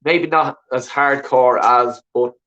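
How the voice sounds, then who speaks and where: A man's voice: mid-range voice, steady tone, slow pace, fairly bright tone, highs cut off. An Irish man chatting casually on a call-in show, talking in an emphatic, insistent way. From Ireland.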